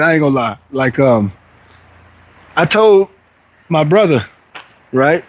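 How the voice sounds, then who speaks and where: In this clip a man with a fairly high, widely swinging voice speaks slowly, pausing often, and the highs in the audio are cut off. He's hosting a fitness livestream, chatting casually with viewers in loose slang that rambles and restarts. He's chatty and meandering, often mimicking other people's voices.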